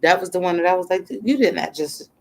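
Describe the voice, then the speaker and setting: A woman's voice: lowish voice, fast talker. A woman hosting a casual livestream, chatting loosely, swearing freely and reacting to songs as they play. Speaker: livestream host. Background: loud music playing.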